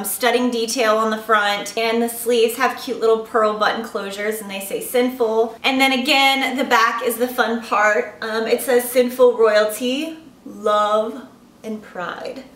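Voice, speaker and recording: Woman, haul vlogger, crisp high-ish voice, a bit off mic in an echoey room. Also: a bit bright, distant mic. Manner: chatty and upbeat, gushing over purchases. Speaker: beauty vlogger. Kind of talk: casual haul chat to camera.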